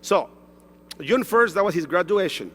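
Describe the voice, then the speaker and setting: On stage in a large event hall at a sales event, a man from Mexico gives an emotional personal testimonial, repeating himself in broken English. His voice sits high, animated and a bit bright with a breathy edge, at a normal speed, and the hall's size is audible.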